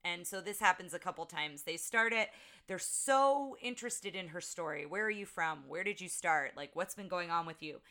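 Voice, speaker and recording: Bright-voiced woman retelling a story. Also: fairly low pitch, moderate pace. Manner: chatty storytelling, frequent "like"s, acts out quotes. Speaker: podcast co-host. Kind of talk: casual podcast chat.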